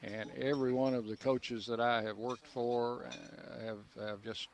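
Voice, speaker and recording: A man's voice: mid-range voice, little pitch movement, measured pace, vocal fry. Older man, veteran play-by-play voice, easygoing anecdotes, radio interview guest outdoors. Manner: easygoing storyteller, frequent uh fillers and restarts, chuckles. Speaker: longtime sports play-by-play broadcaster, guest. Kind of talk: relaxed reminiscing radio interview. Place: restaurant patio outdoors.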